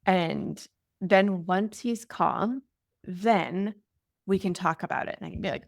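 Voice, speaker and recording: A young adult woman answering interview questions as a parenting guest, explaining in a casual, warm way with many filler words. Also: on the low side, takes it slowly, vocal fry, no echo, studio quality.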